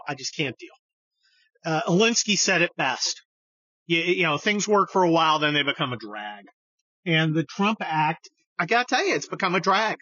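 Man, podcast host, blunt and profane, bright sharp tone, slightly husky, dry muffled sound. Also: fairly high pitch, big pitch swings, moderate pace, dry recording. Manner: blunt, profane, rambling with many restarts. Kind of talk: opinionated political monologue.

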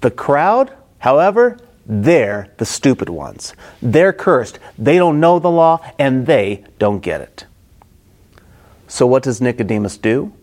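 A man's voice: mid-range voice, sing-song, takes it slowly, a little mellow. A middle-aged man preaching a Bible-study sermon, acting out the quoted characters expressively.

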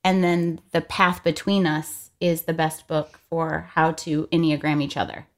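A woman's voice: sits low, level tone, a little slow. Wry, teasing woman co-host. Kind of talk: casual chat.

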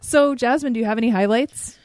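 A woman's voice: on the high side, a little fast, darkish tone, no room sound. A woman hosting a casual chat, asking questions and poking fun at herself. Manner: chatty, self-deprecating, asks questions. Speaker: podcast host.

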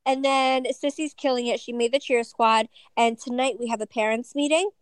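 A woman in her thirties chatting as a podcast co-host, her voice sitting a little high. She teases bluntly and laughs easily, recorded dry and close with no room sound. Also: fairly even intonation, moderate pace, smooth, dry recording, rough recording. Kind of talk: casual podcast chat. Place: lying in bed at home.

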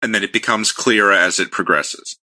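A man co-hosting a casual game lore podcast, dry and deadpan. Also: lowish voice, moderate pace. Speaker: podcast co-host.

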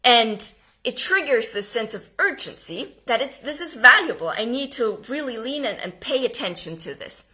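A woman giving an energetic homeschooling lesson, speaking emphatically and now and then dropping to a whisper. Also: fairly high pitch, normal speed. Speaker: homeschooling teacher. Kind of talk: instructional talk.

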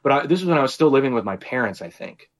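Animated, swearing male podcast host. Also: mid-range voice, rapid-fire. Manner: animated storyteller who swears freely and laughs often. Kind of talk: casual podcast chat.

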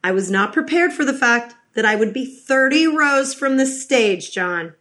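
A woman's voice: sits high, animated, a little slow, a bit bright. A middle-aged woman guesting on a podcast, talking in a loose, chatty way. She tells stories with plenty of restarts and asides. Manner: chatty storyteller with many restarts. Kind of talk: casual interview chat.

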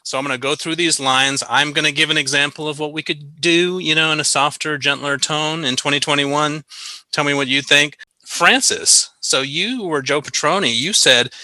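A man's voice: fairly high pitch, moderate pace, bright, forceful tone, no echo, rough recording. A man hosting a podcast in casual chat, playful and mock-serious, often laughing. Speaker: podcast host.

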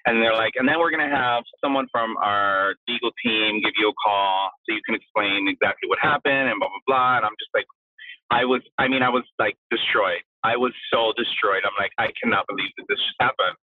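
A man who is a drag performer, a guest telling his story in a casual interview, animated and acting out the voices of the people he quotes. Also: lowish voice, a little fast, dry recording. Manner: animated, acts out quoted voices, says "blah, blah, blah". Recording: tinny phone-line sound, husky and dry.

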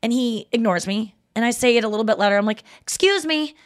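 Casting: high-voiced woman, podcast co-host, animated storyteller, dry close sound. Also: very fast, no echo. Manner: animated storytelling, acts out quotes. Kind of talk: casual chat.

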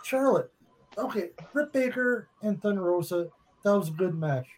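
A man co-hosting a casual chat, giving blunt opinions deadpan. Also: high voice, normal speed, poor audio. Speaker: podcast co-host.

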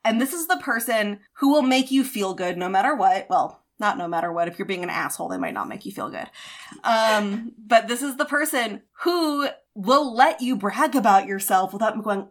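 A woman's voice: mid-range voice, brisk, fairly bright tone. A woman in her thirties co-hosting a podcast, giving casual advice in a chatty way with many fillers and acted-out quotes. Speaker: podcast co-host.

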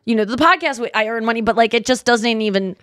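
A woman's voice: a little high, fast talker, a bit bright, no room sound, studio quality. A woman co-hosting a podcast, telling rambling stories in casual chat and acting out the people she quotes. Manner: rambling storyteller, acts out quotes. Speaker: podcast co-host.

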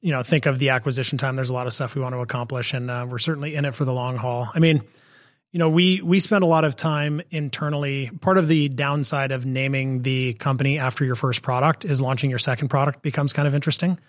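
A man's voice: mid-range voice, fairly even intonation, no echo. Man explaining business plans, dry sound. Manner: measured, explanatory, with frequent fillers. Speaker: company co-founder and CEO, guest. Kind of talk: conversational podcast interview.

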